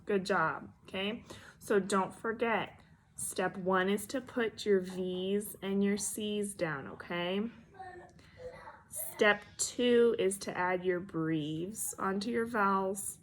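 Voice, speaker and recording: A woman teacher giving a phonics lesson to young children, encouraging and patient, sounding out letters slowly and clearly. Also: mid-range voice, slight background noise.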